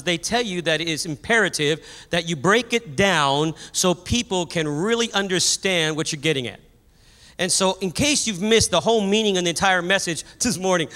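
A man preaching a sermon, telling a story with animated energy and raising his voice at the high points. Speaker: pastor. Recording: long hall reverb.

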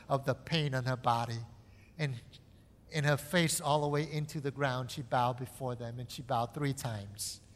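A man's voice: medium pitch, a bit bright, in a large hall. A man from Cambodia, a missionary preacher giving an earnest sermon testimony that rises into impassioned pleading.

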